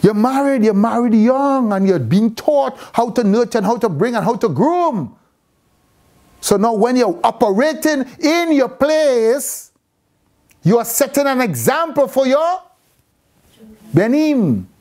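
A man's voice: very high-pitched, sing-song, darkish tone. A man teaching a class about Hebrew letters and words, often asking the students questions and stopping to correct himself. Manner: asks questions of the class, pauses and restarts. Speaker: Bible teacher.

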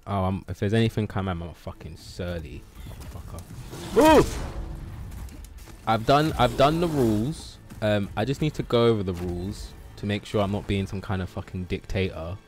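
A man's voice: fairly low pitch, animated, normal speed. A man streaming gameplay, muttering to himself and swearing in frustration. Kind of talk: casual live gameplay commentary.

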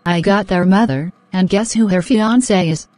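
A woman's voice: medium pitch, normal speed, darkish tone, no echo, natural voice. A woman voicing an indignant, jealous young woman. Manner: indignant, dramatic, threatening. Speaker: voice actor in animated drama.

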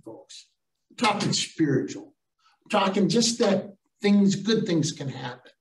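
A man's voice: on the high side, reverberant, recorded from a distance, poor audio. An older man giving a motivational storytelling talk to teachers, acting out the voices of people in his stories. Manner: animated, acts out voices in stories. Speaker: storytelling speaker.

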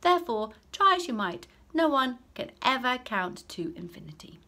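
An old male maths teacher from a storybook, patient and lecturing, his voice lively and rising high on key words, as a woman reading aloud puts him on. He keeps a mild, schoolroom manner with a sing-song lift. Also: moderate pace. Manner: patient, lecturing, turns sharp when irritated.

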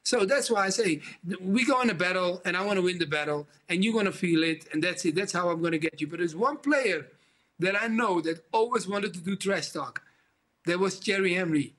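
A man who is a former footballer, telling stories on a sports panel in an animated, laughing way. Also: high voice, brisk. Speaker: football pundit, former player. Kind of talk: panel chat.

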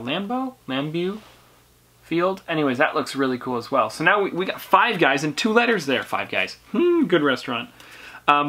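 Teen channel host with a bright, mid-pitched voice, chatty and upbeat. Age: teenager. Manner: chatty and upbeat, reads viewer letters aloud with asides. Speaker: YouTube collector channel host. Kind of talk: casual mail-opening vlog.

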